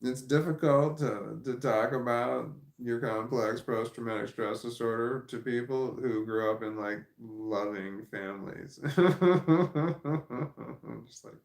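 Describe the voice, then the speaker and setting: A man with a gravelly, creaky voice chats casually on a livestream, reading out comments and wandering between thoughts. He laughs often as he talks. The sound is echoey, as if he is in a bare room. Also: medium pitch, fairly even intonation, measured pace, few pauses. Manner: rambling, laughs often, reads comments aloud. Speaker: livestream host reading chat.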